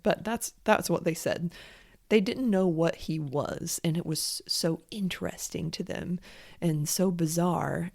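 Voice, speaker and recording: A woman's voice: lowish voice, creaky, a little mellow. A woman hosting a solo podcast, talking frankly and casually with lots of fillers and restarts. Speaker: podcast host and creative coach.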